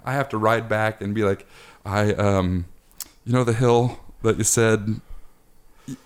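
Co-hosting a podcast with his dad, a man laughs and curses his way through family stories in casual conversation. His lowish, smooth voice stays steady at a measured pace.

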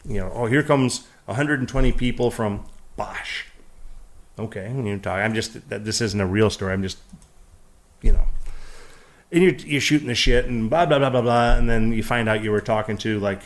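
A man's voice: on the low side, a little fast. A man talking casually as a podcast guest about a game he invented, rambling and swearing, with lots of restarts. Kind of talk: casual chat.

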